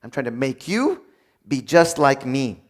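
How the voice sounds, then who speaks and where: A man's voice: mid-range voice, a little slow. A man preaching a sermon on marriage, acting out little dialogues and joking with the congregation. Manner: animated, acts out dialogue, jokes with audience.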